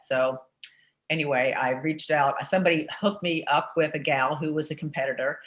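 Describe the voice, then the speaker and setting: A woman in her sixties, an interview guest, telling her story in a chatty, energetic way with many "you know" fillers. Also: deep voice, brisk. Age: 60s.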